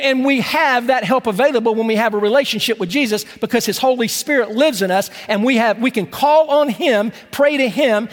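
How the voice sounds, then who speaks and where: A male pastor with a very high voice, preaching a sermon in a relaxed, conversational way. He stumbles over repeated words, then slows right down to press home a phrase. The sound carries the long reverb of a church hall. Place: church sanctuary.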